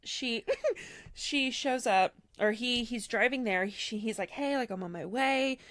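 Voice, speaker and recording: A woman co-hosting a casual podcast animatedly retells a story, saying "like" constantly and voicing other people's quotes herself. Her voice is a little high and unhurried, captured in studio quality with no echo.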